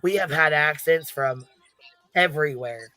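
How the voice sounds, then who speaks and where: A man's voice: fairly high pitch, unhurried, pushed and bright, no echo. A man hosting an open panel livestream, talking casually and emphatically with plenty of swearing. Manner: profane, emphatic, says "listen" and "you know what I'm saying".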